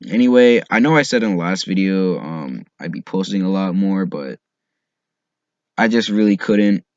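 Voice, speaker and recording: A man's voice: deep voice, lively intonation, normal speed, dry recording, muffled recording. A teenage boy telling a casual storytime, rambling with lots of "like" and "you know" and casual swearing. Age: teens. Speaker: vlogger.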